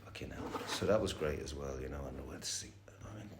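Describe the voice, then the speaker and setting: Talking fast in a rumbling low voice, a middle-aged man gives a rambling personal share at a recovery meeting, candid and full of swearing. The recording carries room echo and faint noise.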